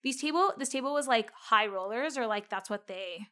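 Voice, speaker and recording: Young woman, bright and slightly high voice, animated storyteller in casual chat. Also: moderate pace. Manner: animated, quotes people in her story. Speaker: server telling a story.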